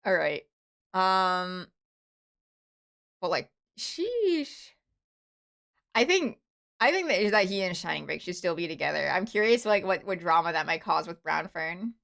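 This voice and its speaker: A woman streaming a game, chatting casually and rambling with many fillers and restarts, with excited bursts and soft, muttered asides. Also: fairly low pitch, normal speed, vocal fry. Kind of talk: casual live-stream chatter while playing.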